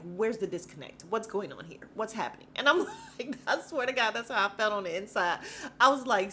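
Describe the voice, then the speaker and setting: A woman hosting a podcast, recapping a reality show in a loose, slangy, animated way and breaking into laughter as she acts out the cast's lines. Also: mid-range voice, a little hiss or hum. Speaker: podcast host.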